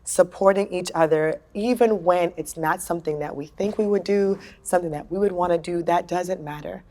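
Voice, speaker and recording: A woman's voice: lowish voice, normal speed, darkish tone. A woman guest on a panel discussion, speaking emphatically and from the heart.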